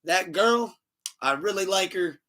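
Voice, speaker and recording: Resigned lion, put on by a man, low muttering, fed-up slang, bright tone. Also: animated, measured pace, exaggerated voice. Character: weary, resigned male lion, loyal younger brother.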